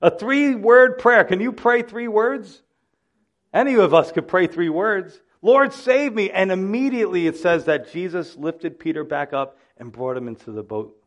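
A man's voice: high-pitched, expressive, moderate pace, highs cut off. A male pastor delivering a sermon, with impassioned preaching that swells and drops in volume.

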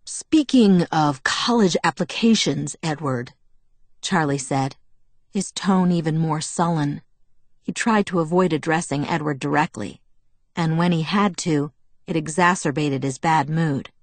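A woman reading a novel aloud as narrator, in a steady, even storytelling manner. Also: low voice, unhurried, dry recording. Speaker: audiobook narrator. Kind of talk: scripted narration.

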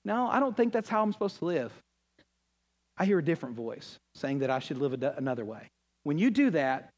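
Guy preaching, folksy and animated, pretty high voice, does little voices for people he quotes. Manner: animated preaching, swings from loud highs to low hushed lines. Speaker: pastor. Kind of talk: sermon.

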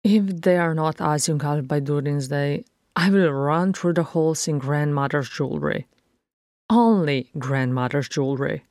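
A woman voicing a weary, sardonic male dwarf in a fan fiction reading, speaking flatly and sarcastically. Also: low voice, moderate pace, no room sound, clean studio sound. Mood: sarcastic. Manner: flat, sarcastic.

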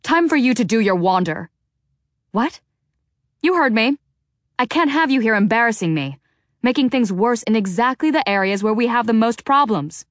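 A woman's voice: a little high, expressive, moderate pace, no room sound, studio quality, voice pushed up, close to an everyday voice. A woman voicing a stressed, harsh middle-aged mother who speaks in a tense, clipped way, in an audiobook. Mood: angry.

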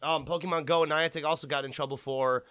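A man's voice: on the high side, steady tone, fast talker, pushed and bright, no room sound. A young man hosting a podcast, rambling and swearing freely as he rants and mocks. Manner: profane, rambling, mocking. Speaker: podcast host. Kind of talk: casual podcast rant.

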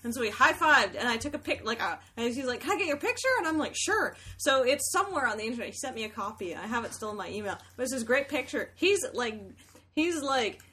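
A young adult woman co-hosting a casual podcast chat, telling stories animatedly and acting out quoted lines loudly. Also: a little high, lively intonation, fast talker. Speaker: podcast co-host.

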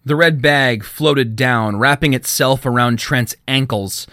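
A man, the author, reading his own fiction aloud in a measured storytelling manner. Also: medium pitch, fairly bright tone, no echo, clean studio sound. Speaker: author and narrator.

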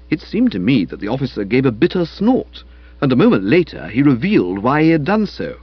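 A man narrating a comic novel aloud in a wry, lively storytelling manner. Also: medium pitch, a little fast, breathy edge, dry recording, muffled recording. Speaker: audiobook narrator.

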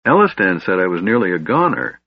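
A man's voice: sits low, big pitch swings, brisk, no echo, exaggerated voice. A man voicing a cheerful, curious small male kender with a light, guileless, chatty voice. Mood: chirpy. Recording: slightly dull, dry recording.

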